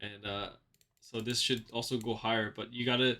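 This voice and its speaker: A man's voice: mid-range voice, fairly quick, bright, forceful tone. A man hosting a trading channel, talking casually through chart analysis with lots of fillers and repeated phrases. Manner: rambling, repeats himself, many fillers. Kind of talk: casual market analysis commentary.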